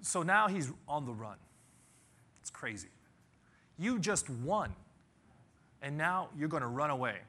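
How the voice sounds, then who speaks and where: A man preaching a sermon, telling a Bible story with animated storytelling, sudden shouts and dramatic pauses. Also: a little high. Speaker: pastor.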